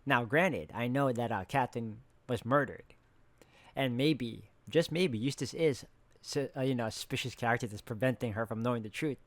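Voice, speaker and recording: A man's voice: mid-range voice, normal speed, dry recording. A man hosting a gaming channel, reading a visual novel aloud and stopping to comment in a casual, musing way with fillers. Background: music.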